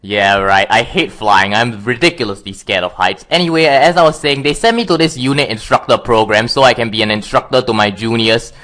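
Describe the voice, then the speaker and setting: A man's voice: medium pitch, a little fast, few pauses, sharp tone. A man being interviewed as a guest, rambling and often correcting himself. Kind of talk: casual interview chat.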